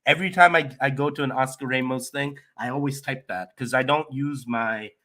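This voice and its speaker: A man's voice: mid-range voice, fairly quick. Sick, nasal man hosting a crypto livestream. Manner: loopy, relaxed, rambling with restarts. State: sick and nasal, slight cough. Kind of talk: casual livestream chat reading comments.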